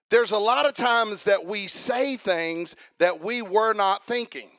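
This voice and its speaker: A man with a somewhat high voice preaches a sermon in a conversational manner and keeps asking his congregation questions. He builds to a louder, more emphatic delivery. The recording is dry and close. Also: no echo. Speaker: pastor.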